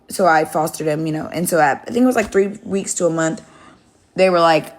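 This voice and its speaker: A woman's voice: fairly low pitch, brisk. A young woman telling a rambling, candid story to her viewers on a phone live stream, swearing freely. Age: young adult.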